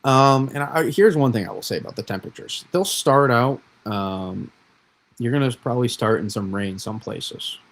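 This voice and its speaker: A man's voice: mid-range voice, animated, normal speed, rough recording. A man from New England hosting a weather livestream, rambling and self-correcting in casual chat.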